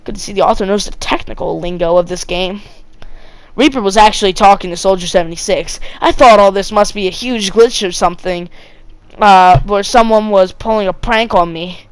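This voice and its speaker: A woman's voice: medium pitch, moderate pace, pauses often, clean tone, no echo, low-quality recording. A woman reading a creepy story aloud, breaking off for sarcastic, wry asides.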